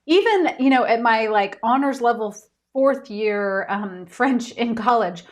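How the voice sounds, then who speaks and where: An author hosting a casual live stream from home, chatty and giggly with many ums. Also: female voice, fairly high pitch, lively intonation, measured pace.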